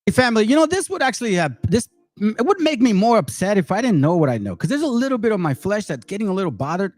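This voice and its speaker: A man from Peru giving casual reaction commentary, animated and talking straight to his viewers. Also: high voice, fast, dry recording, studio quality. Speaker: channel host.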